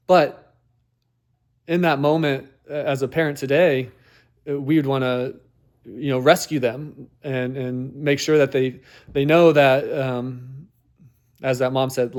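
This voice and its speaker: A man's voice: medium pitch, darkish tone. A man hosting a podcast, talking earnestly about parenting in a reflective monologue, full of rhetorical questions and "like" fillers. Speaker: podcast host.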